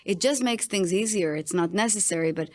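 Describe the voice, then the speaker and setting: A woman's voice: medium pitch, a little fast. A middle-aged woman coach hosting an interview, reflective and affirming, asking probing questions. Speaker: coach and podcast host. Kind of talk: conversational interview.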